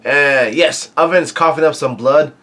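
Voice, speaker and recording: A man casually retelling a comic chapter as a reviewer, halting often with fillers and restarts as he goes. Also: on the high side, bright, forceful tone. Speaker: manga reviewer.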